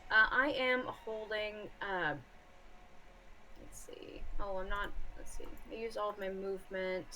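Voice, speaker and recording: A woman's voice: medium pitch, steady tone, measured pace, sharp tone, a little hiss or hum. A woman playing a tabletop game, talking hesitantly with many restarts. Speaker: player.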